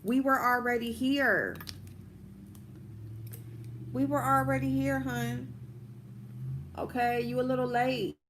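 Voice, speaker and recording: A woman's voice: high voice, steady tone, slow pace, pauses often, slight background noise. A woman hosting a casual livestream, ranting bluntly and profanely, stretching out her emphatic lines while she does her makeup. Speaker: vlogger host.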